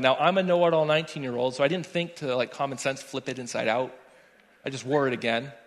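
Young guy preaching in church, tells a story and acts out the lines, big echoey hall. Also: mid-range voice. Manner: animated storyteller acting out dialogue. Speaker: worship leader preaching. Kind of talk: sermon with personal story. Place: church sanctuary. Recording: long church hall reverb.

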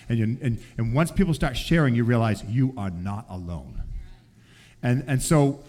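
A man who teaches, telling a faith testimony about his class with lively storytelling and acted quotes, often dropping soft and low. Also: moderate pace.

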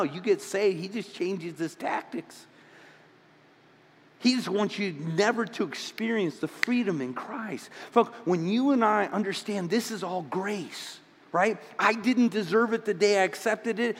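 A man's voice: high-pitched, fairly bright tone, long reverb tail. A man preaching a sermon as pastor, stammering into restarts and building to fervent emphasis.

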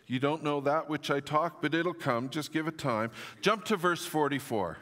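A man's voice: fairly high pitch, normal speed, pushed and bright, long reverb tail. A middle-aged man preaching a sermon as pastor, earnest and building to emphatic declarations.

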